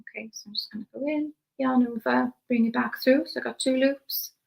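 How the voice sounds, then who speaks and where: A young Welsh woman teaching crochet step by step, chatty and relaxed as she works with her hands. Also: fairly high pitch, brisk, vocal fry, poor audio. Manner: relaxed, chatty, talks while working with hands. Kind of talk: step-by-step craft demonstration.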